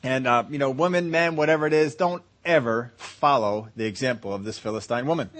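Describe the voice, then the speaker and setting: A man's voice: medium pitch, a little fast, fairly bright tone. A man preaching a sermon. He talks conversationally, laughs easily and acts out little scenes. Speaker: pastor.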